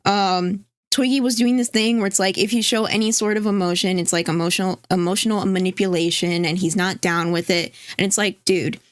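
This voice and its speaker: A woman's voice: mid-range voice, steady tone, brisk, hardly any pauses, dry recording, clean studio sound. A woman co-hosting a casual livestream, rambling, reading chat aloud and swearing casually. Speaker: stream co-host.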